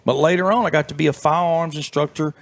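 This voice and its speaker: A man's voice: on the high side, fairly even intonation, fast. A middle-aged man, telling rambling, folksy stories as an interview guest. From southern United States. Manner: folksy, rambling, many fillers and restarts. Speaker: interview guest, former FBI agent. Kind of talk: storytelling in a casual interview.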